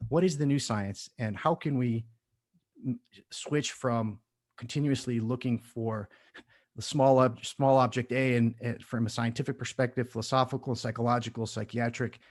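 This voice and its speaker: A man's voice: medium pitch, fairly even intonation, normal speed. A man hosting a podcast in casual conversation, earnest and building long analogies. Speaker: podcast host.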